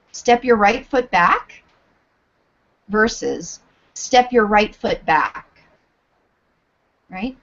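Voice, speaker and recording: A woman teaching yoga teacher trainees over a video call, giving clear, deliberate instructions. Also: medium pitch, fairly bright tone, highs cut off. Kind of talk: live online teacher training.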